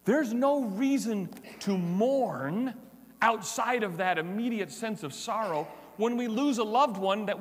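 A male pastor preaches with a high, bright voice that leaps all over its range. He slows for dramatic pauses and acts out the people in the story. His voice rings out through a reverberant church hall. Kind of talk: expository Easter sermon.

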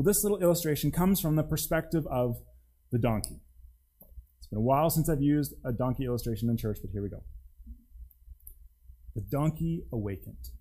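A pastor giving a conversational sermon, restarting phrases often and dropping to a hush on key points. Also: male voice, fairly high pitch, poor audio.

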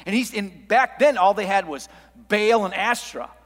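A man preaching a sermon as pastor, swinging from hushed asides to loud, emphatic lines. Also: high voice, lively intonation, normal speed, long reverb tail.

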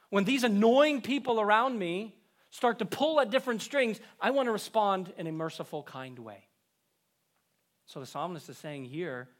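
A man preaching a sermon, rising with emphasis and dropping low at the ends of phrases. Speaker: pastor.

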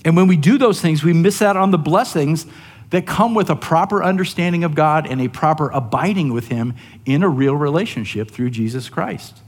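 A man's voice: fairly high pitch, animated, moderate pace, big-room sound. A man preaching a sermon as pastor, in a conversational way that keeps asking the listeners "right?". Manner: conversational, often asks "right?".

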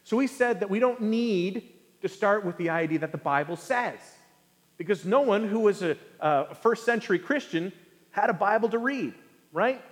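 A male pastor giving an animated sermon to a congregation, acting out quoted voices for humor. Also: high voice, moderate pace. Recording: hall with long reverb.

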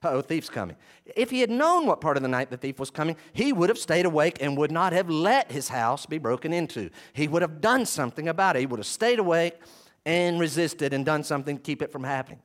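A man's voice: fairly high pitch, animated, brisk. A man preaching a sermon, teaching through a Bible passage verse by verse and repeating key phrases for emphasis. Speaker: pastor.

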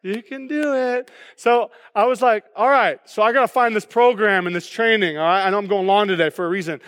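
A man's voice: high voice, steady tone, fast, fairly bright tone, smooth, long reverb tail. A man preaching a sermon as pastor, casual and joking, often checking in with the congregation with "okay?".

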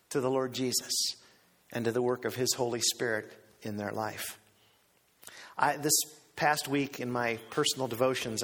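A man preaching a sermon as pastor, animated and theatrical, acting out the voices he quotes. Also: big-room sound. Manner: animated, acts out quoted voices with big pitch swings.

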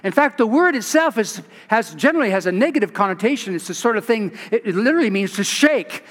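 High-voiced pastor preaching in a reverberant church. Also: male voice, fast. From California. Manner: expressive storytelling, with restarts and asides. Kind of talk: sermon. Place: large church.

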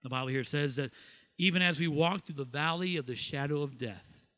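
A middle-aged man from Ohio preaching a sermon as pastor, lively, asking questions and laughing at himself. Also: fairly high pitch, a little fast. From Ohio, USA.

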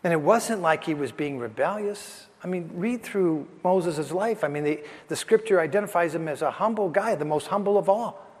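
Man, pastor, sermon, conversational, emphatic, high voice, long hall reverb. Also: expressive, normal speed.

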